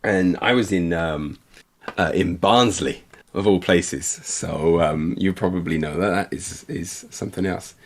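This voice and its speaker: Brief: man, low gravelly voice, rambling self-deprecating stream chat. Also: measured pace, slight background noise. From Essex, England. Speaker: livestream co-host. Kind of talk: casual chat while painting.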